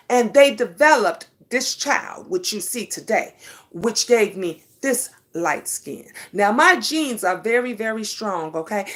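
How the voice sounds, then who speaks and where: A middle-aged woman talks straight to her viewers, calling them honey. Her voice sits a little high. She tells her story emphatically, with lots of animation. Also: a bit bright. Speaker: vlogger. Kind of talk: casual storytelling monologue.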